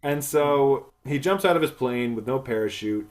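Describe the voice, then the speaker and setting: A man's voice: mid-range voice, moderate pace. A male podcast host recapping a film in casual chat, crude and rambling, swearing often and laughing.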